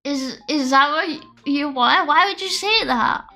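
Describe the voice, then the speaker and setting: A woman's voice: high voice, unhurried, bright, forceful tone. A young adult woman streaming and chatting casually, rambling into melodramatic, exaggerated rants aimed at her chat. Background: faint lofi music.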